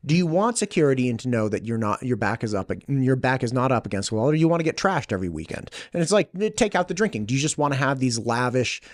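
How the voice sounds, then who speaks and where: A man co-hosting a casual chat, talking quickly and emphatically and often chiming in to agree. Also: medium pitch, big pitch swings, no room sound, studio quality.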